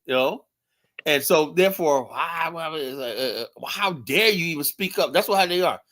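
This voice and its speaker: A man's voice: a little high, a little fast. A man hosting an online talk show, ranting in casual commentary and acting out the lines he quotes in his stories. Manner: animated storytelling, acts out quoted lines. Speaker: podcast host.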